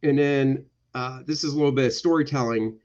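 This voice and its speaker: A man's voice: medium pitch, steady tone, brisk, a little mellow, highs cut off. A male comic book artist giving casual, jokey commentary on his pages during a livestream. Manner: playful, jokey, slips into goofy voices.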